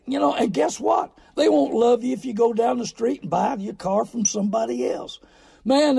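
Guy on talk radio, real raspy husky voice, kinda high, preachy and folksy. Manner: folksy, preachy, emphatic with sudden loud bursts. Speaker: radio show host on car buying.

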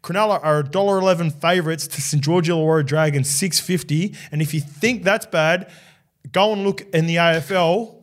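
A man's voice: on the high side, fairly quick. Easygoing Australian man previewing games. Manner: easygoing, laughs often, tells stories. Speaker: podcast co-host. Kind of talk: casual sports chat and match preview.

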